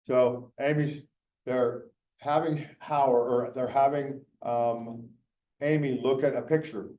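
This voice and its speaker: A man's voice: medium pitch, fairly even intonation, takes it slowly, mellow, slight background noise. Rambling middle-aged man giving a keynote. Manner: rambling, conversational, with many fillers and restarts. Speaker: keynote speaker. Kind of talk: conference talk. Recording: echoey, muffled room recording from a distance.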